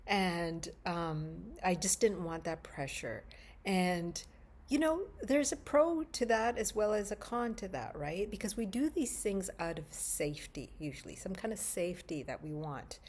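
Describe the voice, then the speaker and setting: A woman's voice: fairly low pitch, animated, unhurried, darkish tone. A woman hosting a spiritual video, telling a personal memory in a thoughtful, conversational way with plenty of fillers. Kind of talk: reflective personal storytelling to camera.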